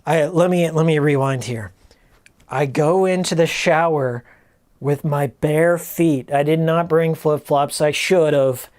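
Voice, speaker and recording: A man's voice: a little high, measured pace, darkish tone. A male streamer telling a crude, exasperated story in a casual, profane rant. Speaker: streamer host. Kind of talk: casual ranting anecdote.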